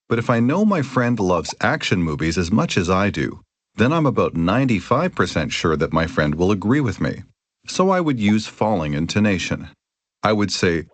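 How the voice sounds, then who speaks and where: Low, lively man reading a lesson. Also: moderate pace, dry recording. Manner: clear, even instructional delivery with acted example lines. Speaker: lesson audio narrator. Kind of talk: scripted grammar lesson reading.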